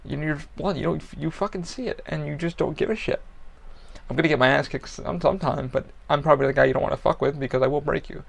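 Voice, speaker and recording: Blunt, gravelly-voiced man rambling candidly. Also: on the high side, quick pace. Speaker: podcast host. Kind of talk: casual personal monologue.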